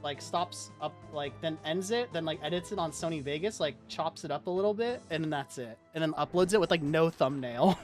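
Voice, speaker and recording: A man's voice: a little high, fairly quick, few pauses, soft background music. A man streaming live, chatting casually and rambling, with lots of "like" as he tells stories. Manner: rambling, heavy use of "like", animated storytelling. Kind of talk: casual livestream chat.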